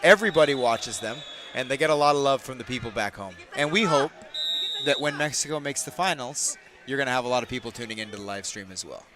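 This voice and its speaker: A man calling a game from a commentary booth on a booth microphone, joking with his co-host and bursting loud on big plays. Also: medium pitch, animated, fast, background noise. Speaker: sports commentator. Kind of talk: play-by-play commentary with banter.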